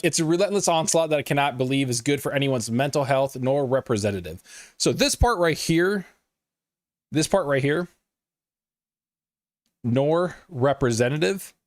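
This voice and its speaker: A fairly high-voiced man hosting a gaming news live stream, swearing freely as he riffs on the day's stories. His pitch swings widely and he talks to his chat like friends. The sound is dry and close to the mic. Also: no room sound. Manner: profane, animated, riffs and laughs at chat. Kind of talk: casual live-stream commentary.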